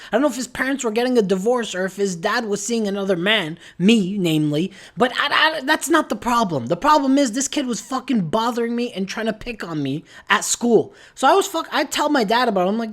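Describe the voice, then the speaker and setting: A young man hosting a comedy video, ranting in a brash, crude, mock-boastful way. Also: extremely high pitch. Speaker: comedy vlogger. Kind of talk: profane comedic rant.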